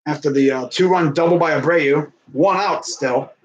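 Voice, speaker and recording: A man's voice: a little high, normal speed, rough recording. Chatty young man calling a game. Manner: chatty, laughs often, talks to someone off-mic. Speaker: fan commentator. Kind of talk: casual play-by-play of a video game.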